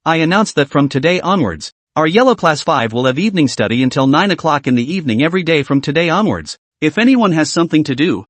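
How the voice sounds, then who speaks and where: Smug scheming young male cadet, read by a man, mocking, lively pitch. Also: quick pace, hardly any pauses, no echo. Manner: mocking, cold-laughing.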